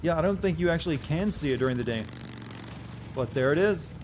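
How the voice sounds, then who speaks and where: A man's voice: fairly high pitch, animated, a little fast, noisy background. Sarcastic young male game streamer. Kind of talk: gameplay commentary.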